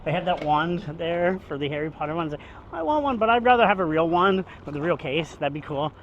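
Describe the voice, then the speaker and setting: Walking along the street with his phone camera in hand, a chatty vlogger with a fairly high voice talks a little fast, his intonation lively as he rambles and cracks jokes. He's slightly out of breath. The lo-fi audio carries a faint hum of traffic.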